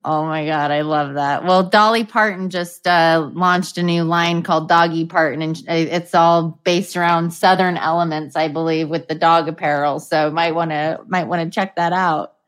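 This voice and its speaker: Woman podcast host, teasing and playful, kinda low voice. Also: fairly even intonation, moderate pace, few pauses. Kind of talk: casual podcast interview.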